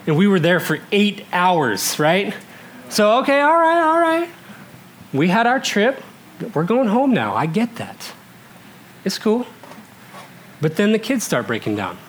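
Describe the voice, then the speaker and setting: A man from Alaska, in his thirties, performs a comic story for a live audience at a moderate pace. He's high-pitched and lively, laughing as he talks and shifting between loud bursts and hushed asides, over slight background noise.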